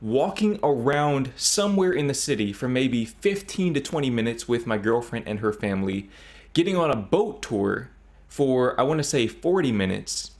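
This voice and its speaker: A man's voice: medium pitch, big pitch swings, moderate pace. Chatty American man reacting to a video. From United States. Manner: chatty, reflective, thinking aloud. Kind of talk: casual commentary.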